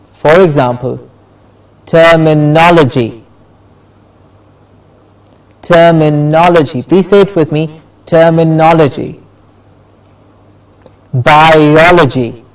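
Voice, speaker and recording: A man teaching English word stress, slowly repeating each example word for the class to say along. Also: a little high, far from the mic, low-quality recording. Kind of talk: classroom lesson with drills.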